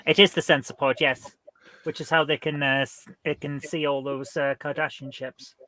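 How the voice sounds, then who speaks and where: Bright-voiced jokey man. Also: fairly high pitch, little pitch movement, normal speed, no room sound. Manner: jokey, rambling with fillers. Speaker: quiz panelist. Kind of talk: casual quiz chat.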